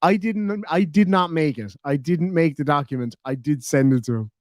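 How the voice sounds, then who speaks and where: An Irish man reads through viewer comments on a live stream, sarcastic and quick to swear. His voice sits a bit high for a man, and the sound is dry and close with no room echo. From Ireland. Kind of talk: casual live stream chat.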